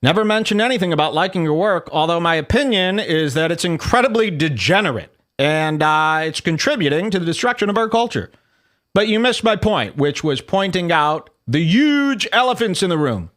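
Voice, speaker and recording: A man's voice: on the high side, lively intonation, moderate pace, a bit bright. A man reading as a smug needling troll. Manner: sarcastic, goading.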